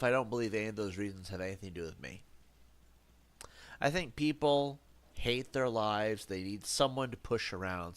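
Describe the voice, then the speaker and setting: Male streamer, fairly low voice, stuffy nose, rambling and jokey. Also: a bit bright. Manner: reflective, rambling, jokey asides. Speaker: live streamer. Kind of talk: casual live-stream talk while gaming.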